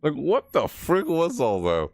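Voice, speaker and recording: Watching a game trailer, a male gaming creator lets out startled yelps, exclamations, and mild curses such as "frick" and "what the heck." He speaks a little high and a little slow, his pitch swooping wildly, in studio-quality audio with no echo and faint trailer music beneath.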